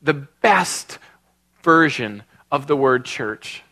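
Bright, animated male pastor preaching. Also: medium pitch, drawn-out words. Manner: animated storytelling, emotional, earnest. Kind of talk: sermon with personal story and prayer.

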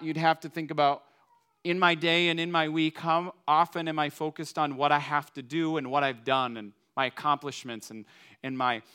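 A man's voice: medium pitch, a bit bright, smooth. A man from Minnesota giving a conversational sermon to a congregation, using everyday examples. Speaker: preacher.

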